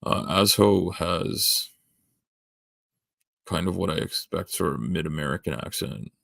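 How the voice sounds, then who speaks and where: A man's voice: low voice, a little slow, gravelly, sharp tone, no echo, studio quality. A middle-aged man with a Southern Ontario accent, a livestreamer rambling as he thinks aloud and answers his chat. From Canada. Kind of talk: casual chat.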